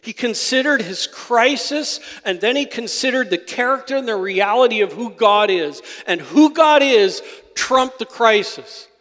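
A man with a notably high voice preaches to his congregation, and his words ring through a large church hall with a long echo. His delivery shifts between hushed, confiding asides and forceful, impassioned declarations. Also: lively intonation, measured pace. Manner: impassioned, swings from soft asides to loud declarations. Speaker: pastor. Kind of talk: sermon. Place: church sanctuary.

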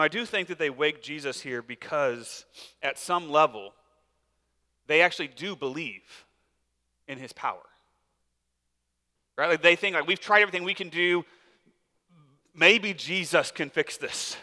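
A man's voice: fairly high pitch, sharp tone, in a large hall. A man preaching a sermon as a pastor, in a casual, conversational way with many fillers.

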